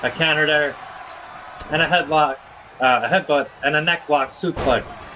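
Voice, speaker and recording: Guy doing play by play on a wrestling game stream, kinda high voice, faint hum behind. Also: moderate pace. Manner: casual, hypes viewers with slang.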